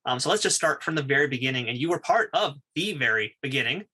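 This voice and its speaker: A man's voice: medium pitch, expressive, fast talker, bright, forceful tone, slightly rough. A male podcast host asking questions as an enthusiastic fan of the show. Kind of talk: interview questions.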